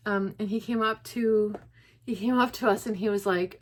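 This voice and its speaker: Young woman vlogger, grieving, rambling and restarting a lot, near tears, medium pitch. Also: fairly even intonation, moderate pace. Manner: rambling, many likes and restarts. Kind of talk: casual personal vlog.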